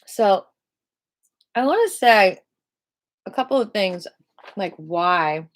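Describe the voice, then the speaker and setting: A woman's voice: medium pitch, a little hiss or hum. Playful upbeat woman leading a qigong class. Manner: upbeat and playful, breaks into squeals of excitement; slow, soft guided cues. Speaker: qigong teacher. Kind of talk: live-streamed class, casual and guided.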